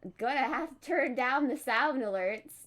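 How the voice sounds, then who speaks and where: A tired woman streaming live, chatting casually in a rambling, low-key monotone. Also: moderate pace.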